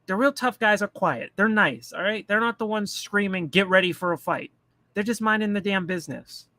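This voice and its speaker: A man's voice: high voice, moderate pace, bright, forceful tone, no echo. A man ranting bluntly and profanely in casual political commentary, mocking the people he talks about. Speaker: commentary streamer.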